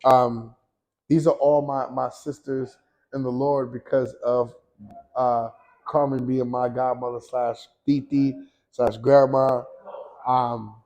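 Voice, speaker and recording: A man's voice: medium pitch, little pitch movement, slow, warm tone, highs cut off. A man hosting his own show, talking in a casual personal monologue, rambling and earnest, with slang and frequent restarts. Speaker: host.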